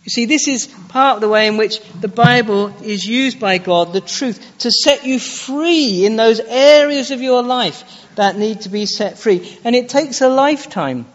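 A man's voice: very high-pitched, lively intonation, a little slow. A man preaching a sermon in a church, challenging his listeners with direct questions. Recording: dull lo-fi recording with long church reverb.

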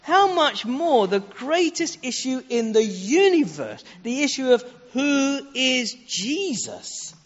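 A man's voice: very high voice, very animated, takes it slowly, hardly any pauses. A man preaching a sermon, earnest, leaning on rhetorical questions and shifting his pace for emphasis. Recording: echoey hall, dull lo-fi sound.

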